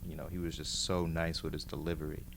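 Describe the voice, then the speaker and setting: Middle-aged man from New York City, very low voice, relaxed show-and-tell host. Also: fast, creaky, a little hiss or hum. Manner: laid-back, musing, reads lists aloud. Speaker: host showing his mixtape collection.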